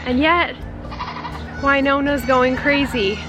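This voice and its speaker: A woman in her forties chatting to camera on her small farm, animated and joking, now and then mimicking her goats' screams. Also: high-pitched, slow pace, muffled recording, over music. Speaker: farm vlogger. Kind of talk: casual chat to camera. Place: outdoors in a goat pen on a small farm. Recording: noisy, goats bleating behind. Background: goats bleating.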